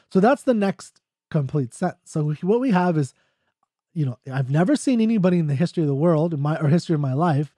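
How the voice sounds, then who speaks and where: A man's voice: fairly high pitch, warm tone, dry recording, clean studio sound. A man explaining a poem in a casual lecture, loose and jokey, checking in with "right?" as he goes. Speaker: literature teacher.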